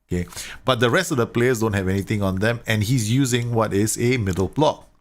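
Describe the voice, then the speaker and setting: A man's voice: fairly low pitch, a little fast. A man giving casual, chatty commentary on football management game tactics, talking straight to his viewers and laughing at his own slips. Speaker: gaming YouTuber reviewing tactics.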